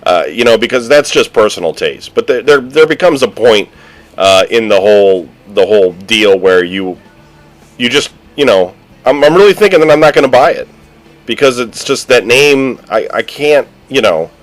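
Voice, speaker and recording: A man hosting a casual radio talk show, rambling and animated with lots of fillers. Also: mid-range voice, normal speed, dry recording. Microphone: studio microphone.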